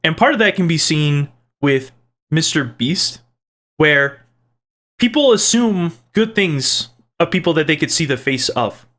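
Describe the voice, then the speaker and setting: On his own channel, a man with a fairly high, bright, expressive voice reads viewer comments aloud and answers them at an unhurried pace. His casual chat is playful and rambling, full of restarts and side jokes.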